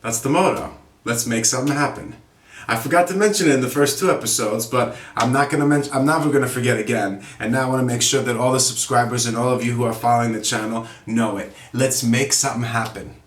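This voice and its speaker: A man teaching a casual English lesson, upbeat and encouraging as he talks straight to his viewers. His voice sits at an ordinary middle pitch. The room gives it a noticeable echo. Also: fast, a little hiss or hum. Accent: native English. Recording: roomy echo.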